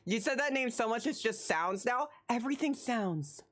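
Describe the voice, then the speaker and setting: A woman in her thirties streaming live and chatting casually with her viewers, jumping from squealing excitement to low, muttered asides. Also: normal speed.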